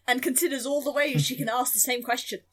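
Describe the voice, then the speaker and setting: A woman's voice: sits high, steady tone, fairly quick, fairly bright tone. A woman playing in a tabletop role-playing game, hesitant and often repeating her words. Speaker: player.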